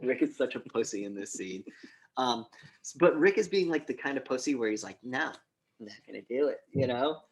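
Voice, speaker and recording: A man's voice: mid-range voice, fairly quick. A young man co-hosting a podcast, casually retelling movie scenes with acted-out lines and frequent swearing. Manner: animated retelling, acts out scenes, swears often. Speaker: podcast co-host. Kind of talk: casual movie review chat.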